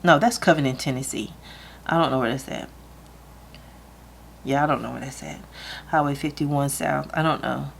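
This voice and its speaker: A woman's voice: very deep voice, moderate pace, gravelly, long pauses, a little hiss or hum. A woman, chatting casually to camera about her budget, laughing easily and close to tears at times. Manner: chatty, laughs easily, talks through her math aloud. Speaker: budgeting vlogger.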